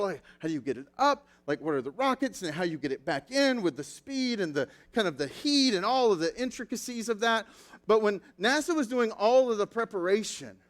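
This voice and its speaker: A man preaching a sermon as pastor, telling stories with animated acted-out quotes. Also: high voice.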